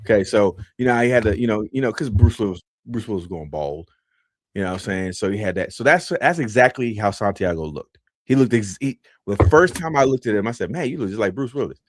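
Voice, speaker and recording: Low-voiced man telling a rambling story. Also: animated, fairly quick, no room sound. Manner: rambling, laid-back, with many fillers. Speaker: podcast host. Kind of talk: casual storytelling.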